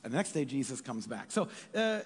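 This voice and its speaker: A man preaching a sermon as a pastor, in an animated way, acting out voices from the text. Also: medium pitch, a little fast, slightly rough, big-room sound. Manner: animated, acts out voices of biblical figures.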